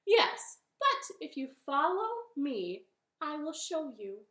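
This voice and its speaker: A woman voicing a clever, playful little female bunny in a children's storytime, with an expressive sing-song delivery. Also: high voice, slow, roomy sound, heavily acted. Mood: sly, bold. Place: living room.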